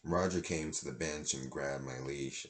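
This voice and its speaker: A man's voice: extremely low pitch, unhurried. A man reading a children's storybook aloud, with plain delivery and some stumbles and restarts. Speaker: reader.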